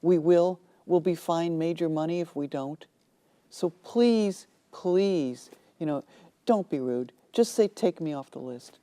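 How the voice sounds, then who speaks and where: A woman author telling lively anecdotes in a TV studio interview, acting out the people in them. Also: fairly low pitch, takes it slowly. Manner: animated storyteller, acts out quoted voices. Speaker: author guest.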